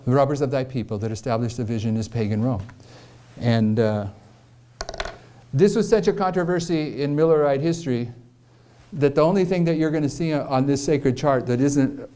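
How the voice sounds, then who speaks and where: Man teaching prophecy, mellow voice. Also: medium pitch, normal speed, pauses often. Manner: explains with repeated questions and emphasis. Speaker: preacher. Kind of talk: prophecy lecture.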